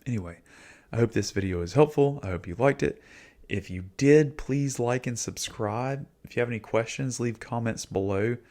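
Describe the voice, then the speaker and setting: A man's voice: medium pitch, moderate pace, a little mellow. A man in his forties, a YouTube host, talking casually and reflectively in an easygoing, slangy coaching manner.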